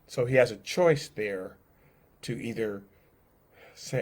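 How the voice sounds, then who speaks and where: A man teaching a casual bible study, conversational and animated, often acting out the people in the story. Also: mid-range voice, a little slow, long pauses. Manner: animated, acts out scenes, conversational.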